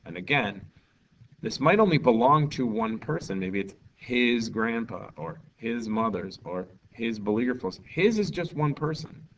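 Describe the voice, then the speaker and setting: In a recorded classroom lesson, a male Spanish teacher keeps things upbeat and jokey, acting out little scenes. His mid-range voice is animated and a little slow, with slight background noise on a distant, dull lo-fi mic with faint ambience.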